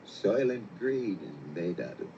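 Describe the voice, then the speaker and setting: An actor playing a desperate man who insistently shouts a warning, heard as a played film clip. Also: low voice, big pitch swings, measured pace, highs cut off, background noise, exaggerated voice. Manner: insistent, urgent.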